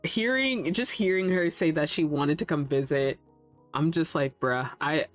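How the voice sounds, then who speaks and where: A woman streamer with a slightly low voice chats with her live audience. She laughs often, swears casually and rambles. Faint music plays behind her. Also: unhurried, no room sound.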